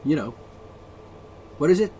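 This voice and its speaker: A man in the middle of an angry solo rant, swearing freely and dripping with sarcasm. His pitch jumps all over the place as he mocks the people he is fed up with. A faint hiss of noise sits under the recording. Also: big pitch swings, measured pace, mellow. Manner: profane, sarcastic, mocking. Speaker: ranting vlogger.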